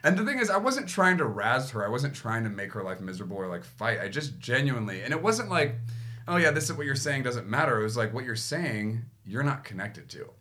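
A man hosting a podcast talks quickly in a bright, forward voice. He tells a story in a casual, animated way and slips into quoted lines of his past self. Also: medium pitch. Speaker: podcast host.

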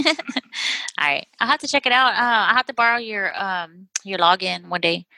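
A woman co-hosts a podcast, chatting casually and laughing often while telling stories in an animated way. Her mid-range voice has some vocal fry, she speaks at normal speed, and there's no echo.

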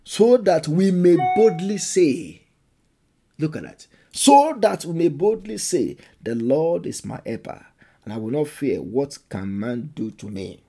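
A man preaching a sermon and leading the congregation in fervent prayer, repeating his phrases and rising into loud exhortation. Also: fairly high pitch, animated, measured pace, gravelly, husky. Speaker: pastor.

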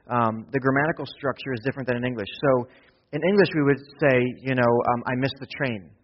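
A man's voice: mid-range voice, fast, slight background noise. A man preaching a conversational sermon as pastor, with frequent restarts and asides. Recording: distant hall sound, dull lo-fi.

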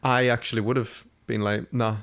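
This podcast co-host has a medium-pitched voice and a normal pace. He rambles through stories in relaxed conversation, cursing freely.

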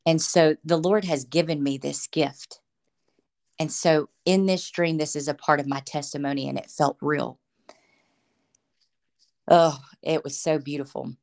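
Low-voiced woman telling her testimony. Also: fairly even intonation, a little slow, creaky, long pauses, darkish tone. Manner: earnest, emotional storytelling. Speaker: podcast guest. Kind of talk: personal faith testimony in conversation.

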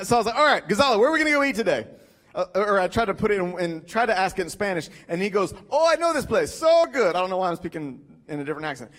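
High-voiced animated male pastor. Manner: animated, joking storyteller. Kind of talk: sermon.

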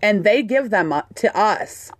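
A woman telling a story in casual chat, animated and swearing freely. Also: medium pitch, a little slow, dry recording. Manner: animated, swears a lot, acts out quotes.

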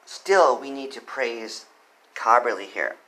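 A man giving spoken commentary on a legal case, earnest, reading quotes quickly and pressing his points with emphasis. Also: medium pitch, expressive, pushed and bright, poor audio. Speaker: commentator on court cases.

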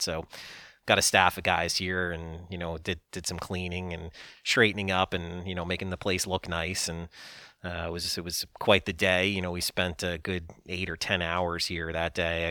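Podcast guest, middle-aged man, low bright voice, chatty storyteller with lots of fillers and laughs, dry room. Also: no room sound. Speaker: podcast guest, ballpark operations executive. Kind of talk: casual interview storytelling.

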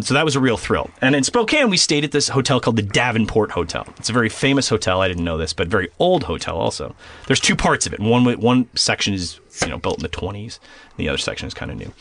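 A young adult man as a podcast guest, telling a story in a casual, animated way, swearing often and restarting his phrases. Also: medium pitch, brisk, no echo.

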